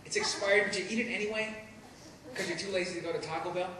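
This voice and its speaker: Rambling comedian in an echoey noisy room. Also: male voice, high voice, fairly even intonation, fast talker, sharp tone, distant mic. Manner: rambling, self-deprecating, stammering restarts. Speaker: stand-up comedian. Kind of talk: stand-up comedy set. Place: live comedy venue.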